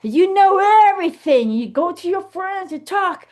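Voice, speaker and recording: A woman talking casually to camera in an animated, emphatic way, thinking aloud and restarting her sentences as she goes. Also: very high-pitched, normal speed, few pauses. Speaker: vlogger. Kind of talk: casual rambling monologue.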